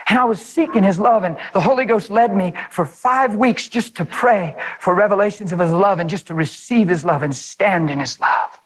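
A man preaching a sermon, fervent and animated, speaking straight to his listeners and acting out prayers. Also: moderate pace, few pauses, low-quality recording. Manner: fervent, animated, voice leaps high when excited; addresses listeners directly and acts out prayers.

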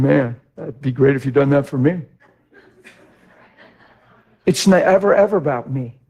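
Male pastor, high gravelly voice, preaching with passion, loud bursts then soft. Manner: impassioned, shifts between shouting and quiet reflection. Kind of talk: sermon.

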